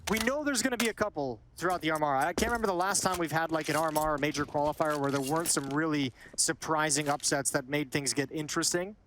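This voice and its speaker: A man giving analytical color commentary on a match, chatty and quick, often repeating words as he thinks. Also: on the high side, fairly bright tone. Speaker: esports commentator. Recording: esports broadcast with clear background noise.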